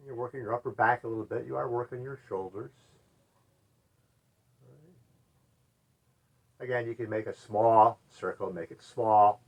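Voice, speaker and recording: A middle-aged man leading a gentle chair yoga class, calmly cueing stretches and breaths and often trailing off into quiet murmured "all right"s. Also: normal speed, creaky, long pauses. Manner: often drops to a soft, low murmur. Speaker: yoga instructor.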